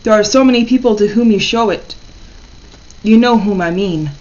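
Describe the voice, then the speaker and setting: A woman voicing a male gentleman friend who asks pointed, questioning things. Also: mid-range voice, moderate pace, lo-fi sound, natural voice.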